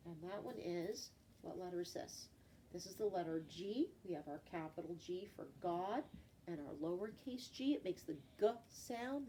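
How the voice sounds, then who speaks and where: A woman's voice: lowish voice, mellow. Patient woman teaching letters to children. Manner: slow, patient, drawn-out example words. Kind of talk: children's phonics lesson. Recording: voice from a distance, faint background noise.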